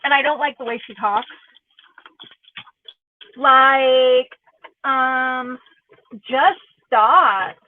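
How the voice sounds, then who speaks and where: High-voiced woman ranting and cussing, sarcastic, sounds like a phone line. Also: little pitch movement, extremely slow, pauses often, a little hiss or hum. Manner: angry, profane, sarcastic. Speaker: YouTube commentator. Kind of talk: casual ranting commentary. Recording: tinny phone-like audio, dry.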